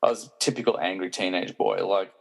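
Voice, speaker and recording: A man's voice: sits low, steady tone, fast talker, vocal fry, poor audio. A man hosting a podcast, chatting casually, rambling with restarts and laughing often. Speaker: podcast host. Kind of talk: casual chat.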